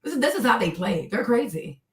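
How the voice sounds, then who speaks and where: A woman's voice: fairly high pitch, very animated, fairly quick. A woman hosting a show, commenting on a video and insisting on her points, repeating "you see" and "right". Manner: acts out others' lines in quoted voices. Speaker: host.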